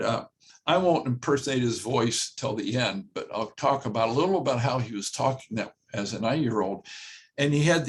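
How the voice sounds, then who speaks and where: A man's voice: mid-range voice, slight background noise. Older male presenter, home builder, folksy and plain, mid-range voice. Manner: plain-spoken, repeats key phrases, frequent "uh" fillers. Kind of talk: conversational webinar talk.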